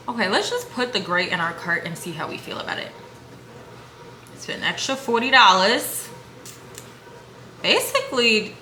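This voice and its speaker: A young woman vlogging at home, chatting casually and slangily while shopping online, gasping and whispering when excited. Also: mid-range voice. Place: room at home. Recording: echoey room with faint hum.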